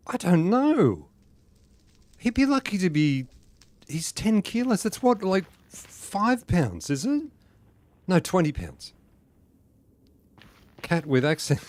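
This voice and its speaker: A man's voice: high-pitched, wildly swooping pitch, takes it slowly, pauses often, a little mellow. A man chatting casually and joking with viewers as he plays a game on a live stream, often laughing at his own jokes. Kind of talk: casual live-stream commentary while playing.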